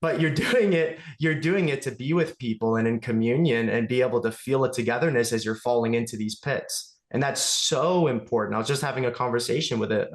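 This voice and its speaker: A man's voice: medium pitch, reverberant. A man talking earnestly as a podcast guest, thinking aloud about personal growth. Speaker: guest, movement studio owner. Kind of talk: casual conversation.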